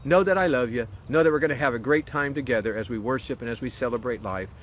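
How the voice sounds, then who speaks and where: A man's voice: mid-range voice, fast talker, slight background noise. A man speaking as a pastor in a short devotional message, earnest and encouraging, leaning on key phrases.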